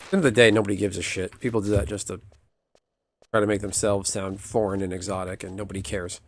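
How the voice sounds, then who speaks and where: A man's voice: low voice, little pitch movement, quick pace, a little hiss or hum. A young adult man streaming a game, chatting casually with wry, rambling asides to his viewers. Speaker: gaming streamer. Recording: music playing underneath.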